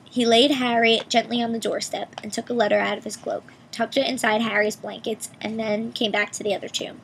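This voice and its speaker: A woman reading a children's story aloud, fairly high with a gravelly edge. She reads expressively, giving each character a voice. A faint hiss sits behind her. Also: flat delivery, fairly quick, low-quality recording. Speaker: reader.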